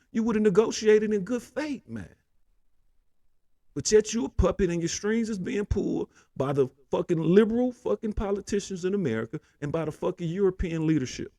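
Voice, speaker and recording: A man's voice: high voice, expressive, brisk, mellow, dry recording. A man hosting a political commentary show, ranting heatedly with constant profanity and repeated "man".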